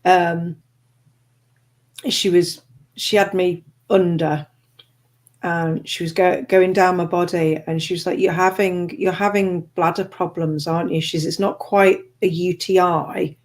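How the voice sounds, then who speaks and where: A woman hosting a casual chat, talkative and quick to laugh and exclaim. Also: lowish voice, steady tone, a little mellow. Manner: chatty, laughs easily, exclaims. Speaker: host.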